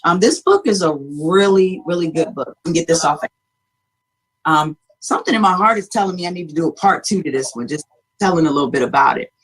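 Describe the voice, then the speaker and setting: A woman with a husky, breathy voice talks through her stories in a relaxed talk-show chat. She is chatty and warm-toned in delivery, laughing between thoughts as she describes her books. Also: fairly low pitch, a little fast. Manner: chatty storytelling with frequent laughter. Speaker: author and guest.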